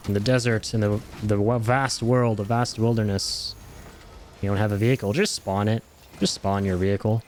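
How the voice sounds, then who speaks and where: A man's voice: fairly low pitch, a little mellow. A man streaming a video game, chatting casually and playfully, joking and swearing as he plays. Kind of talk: casual gameplay commentary.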